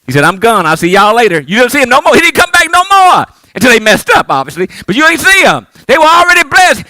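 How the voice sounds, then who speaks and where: High-pitched, lively pastor. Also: male voice, fast talker, dry recording. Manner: call-and-response preaching, swinging from loud to hushed. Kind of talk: sermon.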